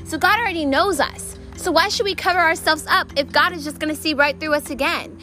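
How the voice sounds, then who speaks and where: Talking fast and a bit pushed, a woman with a high, bright voice hosts a relaxed faith podcast in the open air. She's chatty and excited, uses many fillers, and there's music under her.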